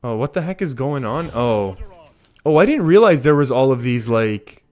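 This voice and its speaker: A man's voice: mid-range voice, big pitch swings, moderate pace, a little mellow. Chatty Canadian man streaming a card game. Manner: chatty, laughs often, reads out chat. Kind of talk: live gameplay commentary. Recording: faint music behind.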